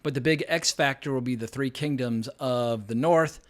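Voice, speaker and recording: A man reviewing a TV episode in a relaxed, conversational way, opinionated and now and then profane. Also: medium pitch, moderate pace. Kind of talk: casual spoken TV episode review.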